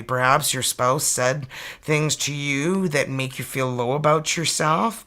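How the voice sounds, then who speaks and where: A woman's voice: extremely low pitch, a bit bright. A woman in her fifties giving chatty, upbeat tarot readings on a live stream. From Canada. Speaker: tarot reader.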